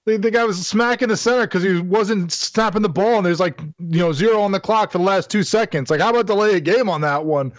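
A man's voice: high voice, no room sound. A man co-hosting a sports talk show, chatting casually and leaning on "like" and "you know". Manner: quick, conversational, says "like" and "you know" a lot. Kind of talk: casual sports radio chat.

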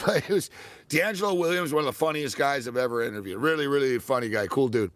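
A man hosting a sports talk show, telling stories in a casual, animated way and laughing often. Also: medium pitch, fast, dry recording. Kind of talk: casual storytelling chat.

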